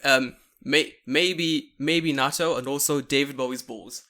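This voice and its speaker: A man's voice: medium pitch, measured pace, pushed and bright. A man hosting a podcast, chatting casually, swearing and laughing while tipsy. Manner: swearing, laughing, rambling after drinking. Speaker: podcast host. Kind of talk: casual chat. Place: Japan.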